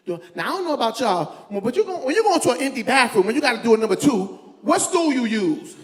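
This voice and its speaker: A man from New York doing stand-up comedy, telling stories loudly and animatedly. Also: extremely high pitch, quick pace, hardly any pauses. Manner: loud, animated storytelling, laughing along. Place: comedy venue with a live audience. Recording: echoey room with faint ambience.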